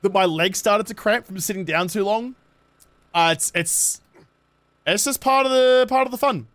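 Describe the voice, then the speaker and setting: Streaming a game, a tired, worn-out young Australian man keeps up a self-deprecating, joking patter in casual live-stream chat. His high voice moves at normal speed with a fairly bright tone.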